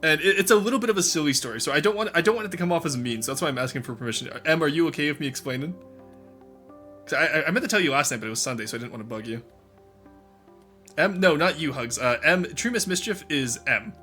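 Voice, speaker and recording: A man's voice: fairly high pitch, quick pace, soft background music. A young man chatting with his stream viewers, laughing often. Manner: animated, laughs often, talks to chat. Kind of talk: casual live-stream chat.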